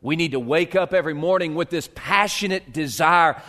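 A male pastor preaching a sermon, swinging from hushed, slow lines to loud, rising appeals. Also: on the high side.

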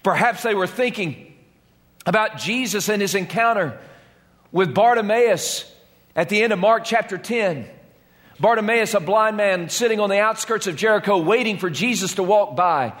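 A man's voice: sits high, normal speed, fairly bright tone. A man preaching a sermon as pastor, in an impassioned, dramatic way. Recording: long reverb of a large hall.

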